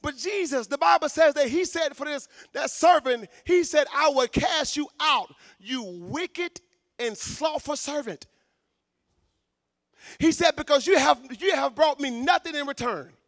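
High-voiced fervent male preacher. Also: expressive, a little slow, no room sound, clean studio sound. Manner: fervent, shouts for emphasis, stammering repeats. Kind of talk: sermon.

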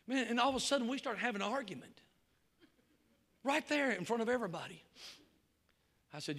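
Excitable preacher, high and ringing voice, echoey church room. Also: male voice, brisk, pauses often. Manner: excitable, worked up. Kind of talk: sermon with storytelling. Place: church before a congregation.

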